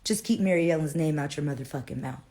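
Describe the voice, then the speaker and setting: A woman voicing a menacing male killer on parole, who talks in slow, veiled threats. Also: low-pitched, mellow, voice pushed down.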